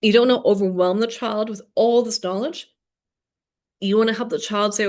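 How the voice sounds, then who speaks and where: A woman's voice: fairly high pitch, normal speed. A woman giving a dog training workshop, explaining steps in an upbeat, demonstrative way, recorded at her computer.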